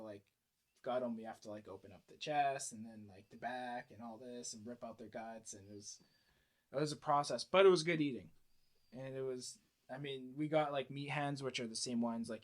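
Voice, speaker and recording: A young man talks in a loose, rambling way, cussing freely as he tells a story. His pitch sits at an everyday middle for a man. It is casual podcast chat. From United States. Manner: rambling storyteller, crude and laid-back. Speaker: podcast guest.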